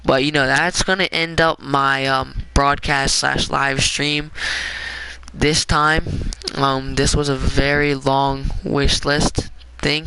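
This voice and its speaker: A young man with a raspy, smoker-like voice, giving rambling, offhand commentary while streaming a game. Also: on the high side, fairly even intonation, slow pace, pushed and bright, no echo, poor audio. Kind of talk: casual gameplay commentary.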